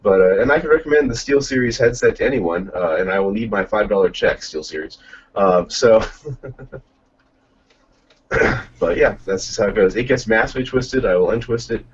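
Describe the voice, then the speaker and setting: A man's voice: on the low side, normal speed, husky, recorded from a distance, dull audio. A man co-hosting a podcast in casual chat, rambling through long explanations. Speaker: podcast co-host. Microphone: desktop condenser mic on a boom arm.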